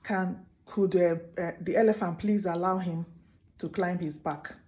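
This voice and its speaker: Sly little tortoise guy, a woman doing him, wheedling and slippery, warm mellow voice. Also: fairly low pitch, fairly even intonation, lightly acted. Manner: wheedling, quick to deny. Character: sly small male tortoise trickster.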